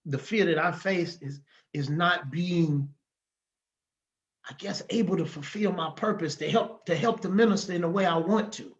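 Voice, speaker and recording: A man's voice: a little high, moderate pace, lo-fi sound. Fired-up man giving emotional testimony. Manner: fired up and emphatic, peppering talk with "man". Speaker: podcast guest.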